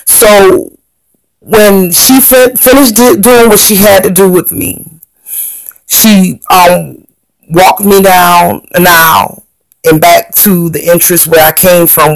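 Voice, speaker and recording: Gravelly earnest woman telling her story. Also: medium pitch, dry recording, poor audio. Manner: earnest, repeats phrases, addresses viewers directly. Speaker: storyteller recounting a near-death experience. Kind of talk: personal testimony to viewers.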